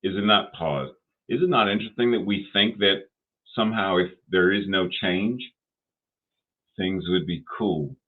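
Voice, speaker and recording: Slow, low-voiced man preaching a sermon. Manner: deliberate, repetitive, rhetorical questions. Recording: tinny phone-like sound.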